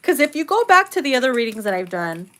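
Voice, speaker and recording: A woman tarot reader talks straight to her viewers in a loose, casual reading. She swears freely, laughs often and slips into slangy acted-out voices. Her voice sits a little higher than most women's. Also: sing-song, quick pace, a bit bright. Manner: blunt, profane and laughing often; slangy, acts out quoted lines in playful voices.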